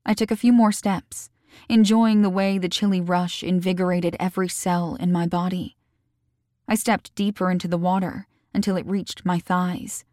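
Calm woman narrating an audiobook. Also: lowish voice, normal speed, no room sound, studio quality. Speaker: author reading her own novel. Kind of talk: first-person audiobook narration.

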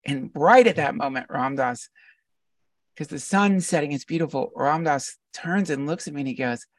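A man, a podcast guest, telling a heartfelt personal story in an animated, earnest way and often laughing. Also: a little high, normal speed, no room sound, far from the mic. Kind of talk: casual storytelling conversation.

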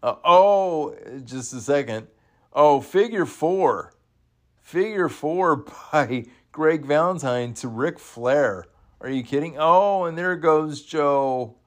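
A man casually commenting along to an old wrestling event. He often bursts into excited exclamations and laughs, then slows down, halting with fillers. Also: a little high. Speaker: watch-along host.

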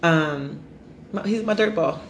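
A woman's voice: fairly low pitch, a little slow, crowd noise. A woman in her thirties co-hosting a casual chat, blunt and emphatic as she vents about her kids. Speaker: podcast co-host. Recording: echoey room with faint noise.

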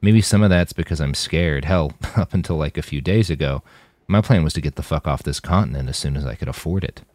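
A man's voice: very deep voice, a little fast, a little mellow, dry recording. A man voicing an earnest, anxious young man who speaks in a searching, heartfelt way.

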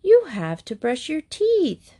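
A woman's voice: high voice, wildly swooping pitch, slow, dark tone, pitched above the performer's own voice, heavily acted. A woman doing a sweet little girl. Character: young girl, sweet and cheerful.

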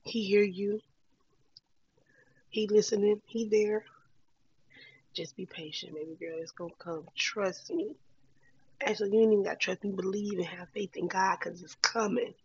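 A woman's voice: mid-range voice, fairly even intonation, normal speed, long pauses, a little mellow, husky, no echo, highs cut off. A woman talking candidly to her viewers in a casual vlog, encouraging and full of slang. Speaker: vlogger. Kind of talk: casual heartfelt talk to camera.

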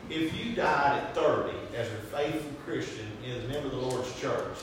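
A man's voice: mid-range voice, moderate pace, background noise. Emphatic man far off in an echoey room. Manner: emphatic and preachy, repeating key phrases. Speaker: class member. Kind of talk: commenting in a Bible class discussion.

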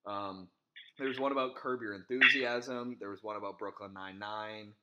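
A young man co-hosting a casual podcast, cutting in with quick comebacks and reading out funny quotes. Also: on the low side, fairly even intonation, dull audio, heavy background noise. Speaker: podcast co-host.

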